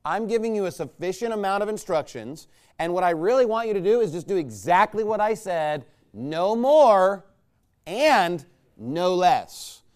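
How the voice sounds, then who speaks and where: A man's voice: high-pitched, animated, a little fast, a little mellow. A man preaching a conversational sermon in a folksy, rambling way, checking in with the congregation with rhetorical questions. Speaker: pastor.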